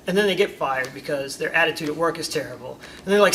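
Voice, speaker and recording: Animated karate instructor, high and bright. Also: male voice, racing, hardly any pauses. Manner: animated storyteller, acts out examples. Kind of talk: informal talk to students. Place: karate school. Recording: distant mic, faint background noise.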